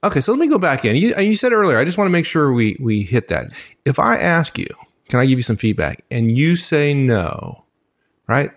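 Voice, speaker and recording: Brief: male co-host, higher lively voice, summarizes points plainly. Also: normal speed. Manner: checks points and sums up plainly. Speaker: podcast co-host. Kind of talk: conversational management advice.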